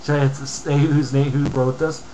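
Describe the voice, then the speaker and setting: A man's voice: on the high side, little pitch movement, fairly quick, dark tone, slight background noise, poor audio. A man from Canada ranting angrily on a home vlog, reading comments aloud with lots of profanity and mumbled asides. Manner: angry, profane, heated rant with mumbled asides. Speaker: vlogger.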